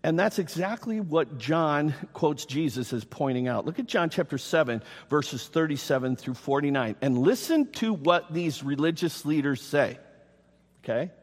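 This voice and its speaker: Male pastor, lively sermon, high voice, long hall reverb. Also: normal speed. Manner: animated preaching, reads scripture aloud, direct to congregation. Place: church.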